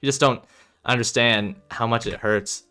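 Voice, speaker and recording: Dude doing a tired guarded young guy in a game, quiet and low, crisp bright mic. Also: fairly even intonation, moderate pace, lightly acted. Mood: weary. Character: troubled young man, guarded and weary.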